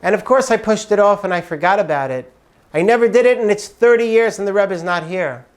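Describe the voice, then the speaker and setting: High-voiced man telling an inspirational story. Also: brisk. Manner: earnest, expressive, moralizing. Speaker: religious storyteller.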